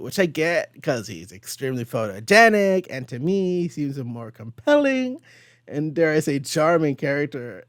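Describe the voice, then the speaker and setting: A man's voice: on the high side, normal speed, no echo. Young male host, giggly and chatty, acts out comic dialogue, dry close-miked voice. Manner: giggly, animated, recaps with quoted dialogue. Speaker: comic book podcast host. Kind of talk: casual chat.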